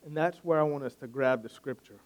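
A man's voice: mid-range voice, brisk. A man preaching a sermon, retelling a scripture story in a conversational way and often restarting with repeated words.

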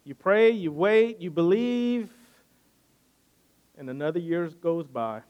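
A man's voice: fairly high pitch, lively intonation, takes it slowly, a little mellow, clean tone, lo-fi sound. A man preaching a sermon, earnest and building his points by repeating phrases. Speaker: pastor.

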